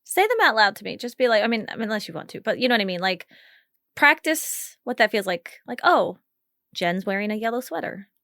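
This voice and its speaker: A woman's voice: a little high, animated, fast talker, a bit bright, dry recording, studio quality. A woman hosting a live coaching call, chatty and encouraging, laughing often as she guides the talk. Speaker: podcast host and communication coach.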